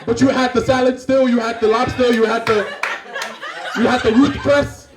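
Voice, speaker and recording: A man from Cameroon doing stand-up comedy, animated and acting out scenes. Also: extremely high pitch, normal speed, background noise. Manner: animated, acts out scenes and voices. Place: comedy club stage. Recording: roomy club, far from mic, audience laughing.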